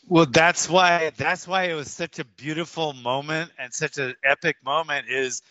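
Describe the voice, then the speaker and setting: A coach in his fifties, from Hawaii, tells rambling stories in a bright, fairly high man's voice. His words stop and restart often. The sound is dry and a bit dull, like a lo-fi recording. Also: fairly even intonation, normal speed, no room sound. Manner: rambling, with many restarts and fillers. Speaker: martial arts coach. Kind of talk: casual interview storytelling.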